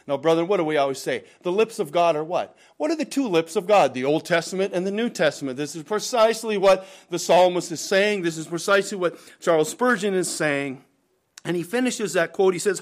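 A pastor preaches to his congregation, animated and a little fast, pressing his points with repeated calls to the brethren. His voice rises loud, then falls low and quiet at the ends of phrases.

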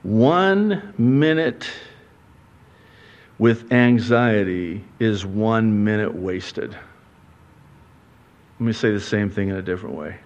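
Animated slow-talking male pastor. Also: highs cut off. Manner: animated, swings between loud exclamations and soft low asides; acts out quoted dialogue with God in a raised voice. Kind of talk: sermon.

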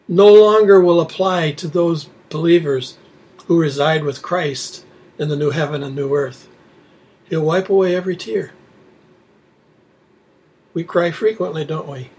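A man preaching an expository sermon, reading scripture aloud and explaining it with rhetorical questions. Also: a little high. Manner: rhetorical questions, dropping to quiet emphasis.

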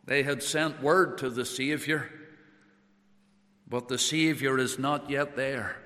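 A man preaching a sermon slowly and in a measured way, quoting Bible verses in old English. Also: medium pitch, fairly even intonation, bright, forceful tone, big-room sound.

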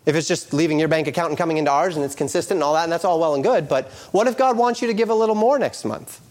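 A middle-aged man preaching a sermon as a pastor. His voice sits fairly high, and he speaks earnestly. He slips between quoted scripture and animated stories from everyday life. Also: rapid-fire.

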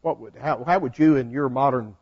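A man's voice: mid-range voice, a little fast, darkish tone. A man leading a Bible study class in a folksy way, asking the group questions. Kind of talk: interactive Bible study teaching. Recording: dull lo-fi sound.

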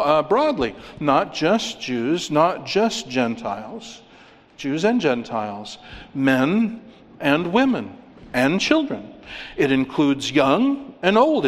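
A pastor preaching a sermon, emphatic, asking rhetorical questions and repeating words for stress. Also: male voice, a little high. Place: church sanctuary. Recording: long reverb of a church hall.

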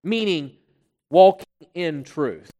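A preacher giving an expository sermon, pressing hard on key words and then dropping low and quiet, often repeating phrases while building a point. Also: expressive, slow pace. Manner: emphatic, swinging between loud stresses and quiet drops. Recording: long hall reverb.

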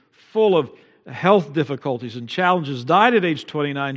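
A middle-aged man preaching a sermon as pastor in a church, swinging from hushed tones to loud, emotive peaks. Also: a little high. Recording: long reverb in a large hall.

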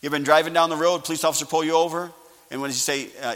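A male pastor preaching a sermon, calling for amens and swinging from quiet asides to loud emphasis. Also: fairly high pitch, steady tone, quick pace. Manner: preaching with call-and-response. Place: church sanctuary. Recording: live church sanctuary with long reverb.

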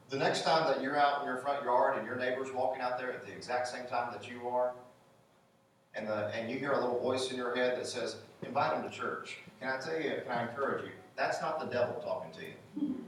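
A man's voice: medium pitch, a bit bright, a little hiss or hum. A man preaching a sermon, conversational and encouraging, asking the congregation questions. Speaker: pastor. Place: church sanctuary. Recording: echoey room, voice from a distance.

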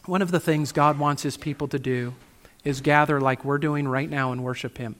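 Emphatic male preacher, slightly high voice. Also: fairly even intonation, a bit bright. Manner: emphatic, asks rhetorical questions, slows on key phrases. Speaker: pastor. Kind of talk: sermon.

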